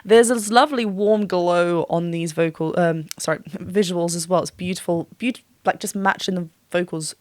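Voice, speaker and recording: A woman's voice: fairly low pitch, moderate pace, hardly any pauses, dry recording. Effusive woman vocal coach, dry sound. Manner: effusive, gushing praise with frequent laughs; breaks off to sing short demo notes. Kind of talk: reaction and analysis commentary.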